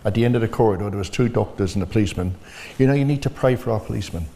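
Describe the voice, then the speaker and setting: A man's voice: fairly low pitch, racing, vocal fry, warm tone. A man telling of his son's death in blunt, earnest testimony. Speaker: bereaved father giving testimony. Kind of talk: personal testimony in conversation. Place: church. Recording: long reverb of a church hall.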